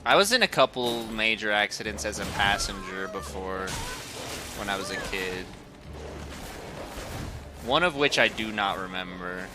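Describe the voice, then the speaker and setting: A man's voice: on the low side, expressive, measured pace, pauses often, music in the background. A young man streaming a game, chatting casually with viewers, laughing often and swearing freely. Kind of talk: casual chat while gaming.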